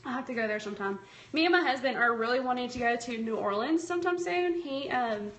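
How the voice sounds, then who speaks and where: A woman's voice: on the high side, lively intonation, quick pace, fairly bright tone. A woman from Tennessee with a Southern accent, hosting a casual live craft tutorial, chatting with viewers and calling them y'all while she works. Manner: chatty and friendly, calls viewers y'all, talks while working. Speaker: craft livestream host. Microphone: tablet streaming app.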